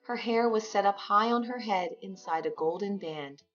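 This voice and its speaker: A woman narrating a fairy tale in a clear, expressive storybook manner. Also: mid-range voice, normal speed. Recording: dull lo-fi sound with faint music.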